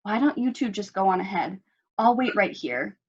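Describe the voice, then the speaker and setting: A woman's voice: medium pitch, expressive, normal speed, slightly rough. A woman voicing a timid, nervous cow who stammers, in a dull lo-fi recording.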